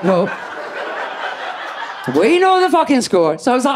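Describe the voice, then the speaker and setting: A woman in her fifties does stand-up in a comedy club, brash and foul-mouthed as she chats with the crowd. Her pitch leaps around with lively swings. Laughter from the audience carries under her. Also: quick pace, pauses often. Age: 50s. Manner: brash, sweary and conversational with the crowd.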